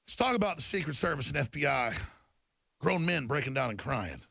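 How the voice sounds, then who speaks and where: A man's voice: on the high side, very animated, a little fast, vocal fry, pushed and bright, slightly rough, no echo. A middle-aged man hosting a talk show, delivering a heated, repetitive monologue to viewers while reading headlines.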